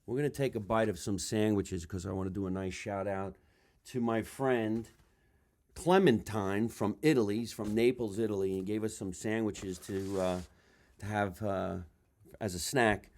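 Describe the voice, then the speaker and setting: A middle-aged man, hosting a comedy podcast with loud, animated chat, swearing freely and acting out voices in his stories. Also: lowish voice, normal speed. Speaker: podcast host.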